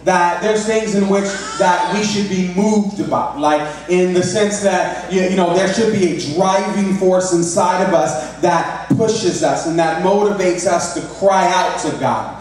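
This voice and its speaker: A male pastor preaching a conversational sermon in a church, halting often with restarts and fillers. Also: sits high, darkish tone. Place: church sanctuary. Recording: very echoey room, mic at a distance.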